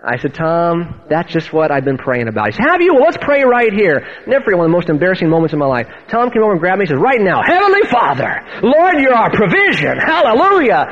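A man's voice: a little high, very animated, racing, few pauses, muffled recording. A man, a pastor, telling a personal testimony as a sermon, acting out the voices of the people in his story.

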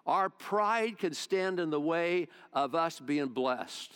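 A male pastor delivers a sermon with folksy, conversational storytelling. His voice sits a little higher than most men's, and he drifts casually between scripture and his own asides. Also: animated, slow pace, a bit bright, clean tone.

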